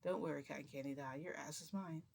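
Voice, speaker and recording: A woman telling a story and voicing a male captor who threatens her with a gun, in a flat, low delivery. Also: fast talker, vocal fry. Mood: menacing.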